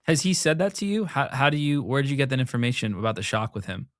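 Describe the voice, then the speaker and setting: Man, casual co-host, curious and questioning, middle pitch, dry close sound. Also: sing-song, fast, no echo. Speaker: show co-host. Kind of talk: casual motocross chat.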